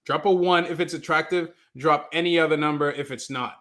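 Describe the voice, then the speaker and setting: A man's voice: fairly high pitch, brisk. Chatty male livestream host. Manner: animated, repeats himself, reads chat aloud. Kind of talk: casual livestream chat.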